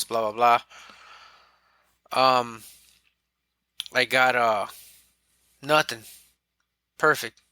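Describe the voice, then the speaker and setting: A podcast guest with a clean, mid-range voice and no room sound talks casually and candidly about his own life. He's animated, acting out what others said and quoting himself.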